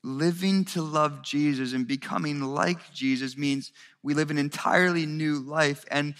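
A man's voice: a little high, fairly even intonation, unhurried, fairly bright tone. A man preaching a sermon to his church, earnest and rising to raised intensity as he speaks. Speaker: pastor. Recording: reverberant hall.

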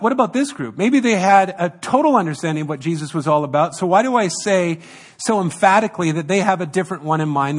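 A man preaching a sermon to his congregation, emphatic and fond of repeating key phrases, briefly acting out the lines of the people in his story. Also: on the high side. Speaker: pastor.

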